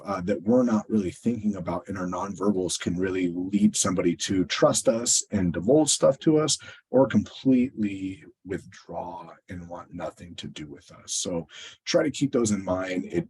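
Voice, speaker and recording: Husky low-voiced male trainer. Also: a little mellow, low-quality recording. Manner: conversational, tag questions, fillers; acts out quoted exchanges. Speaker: webinar presenter and trainer. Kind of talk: training webinar lecture.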